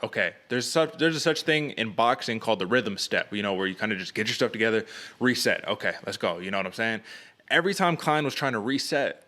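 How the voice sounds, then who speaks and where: Bright-voiced man breaking down fights. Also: lowish voice. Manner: energetic, says "man" a lot. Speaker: podcast co-host. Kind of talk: casual MMA fight breakdown.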